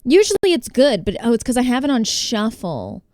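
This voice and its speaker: A woman's voice: fairly high pitch, very animated, normal speed, a little mellow, no room sound, studio quality. A woman with an American accent, chatting casually on a live stream, bubbly and greeting viewers by name. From United States.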